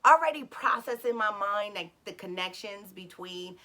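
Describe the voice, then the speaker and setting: Speaking at normal speed, a mother relates a personal anecdote in a casual, animated way. She voices the dialogue in abrupt, high-pitched excited bursts, and her speech is full of fillers and self-corrections.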